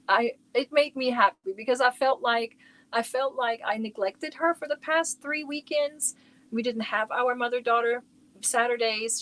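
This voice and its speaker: A middle-aged woman hosts a crochet livestream from home, her voice sitting a little high. She rambles in a casual, chatty way, breaking off to greet viewers by name. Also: fairly bright tone.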